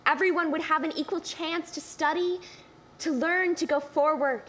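A woman's voice: high voice, normal speed, fairly bright tone. An actress playing an earnest young girl giving a pleading speech in a stage play.

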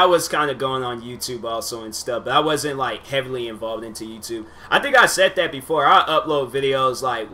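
A man's voice: mid-range voice, bright, forceful tone, a little hiss or hum. A young man in his twenties, a YouTuber chatting loosely and rambling through reactions to his own old videos, full of slang and fillers. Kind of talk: casual rambling commentary.

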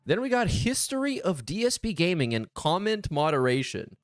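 A man's voice: high voice, big pitch swings, normal speed, dry recording, clean studio sound. A man hosting a casual reaction commentary, sarcastic, profane and exasperated. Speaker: commentary channel host.

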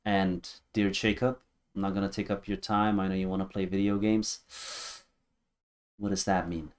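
Low-voiced man musing through a reaction. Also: flat delivery, normal speed, long pauses, clear, resonant tone. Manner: musing aloud, thinking through guesses. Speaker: reaction video host. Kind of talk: casual reaction commentary.

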